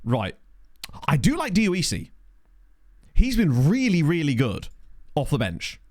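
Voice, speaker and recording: A man giving chatty, excitable live commentary on a football management game he is playing. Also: fairly high pitch, slow pace. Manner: excitable, chatty, thinks aloud. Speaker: video game streamer.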